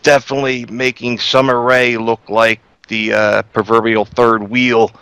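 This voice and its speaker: A man's voice: mid-range voice, flat delivery, unhurried, a bit bright, clean tone, no room sound. A blunt, critical man trading views in a casual wrestling review. His voice sits in the middle range, and the recording is dry and close, with no room sound.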